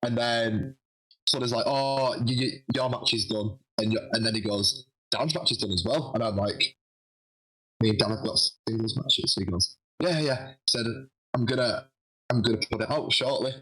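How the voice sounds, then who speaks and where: A man telling a lively story in a casual interview, acting out what people said. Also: on the low side, normal speed, breathy edge, poor audio. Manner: animated, acts out quoted dialogue. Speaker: guest wrestler.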